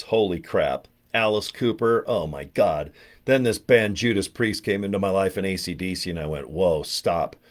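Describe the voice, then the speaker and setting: A man in his fifties from California, telling rambling, joking stories in a casual monologue. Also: lowish voice. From California, USA. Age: 50s. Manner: animated storyteller, chatty and jokey. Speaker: online marketer.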